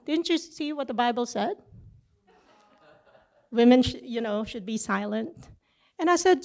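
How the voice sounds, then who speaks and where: A middle-aged woman teaching a church session, telling a personal story with lively back-and-forth dialogue. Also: high voice, moderate pace, pauses often. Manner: animated storytelling, acting out both sides of a conversation.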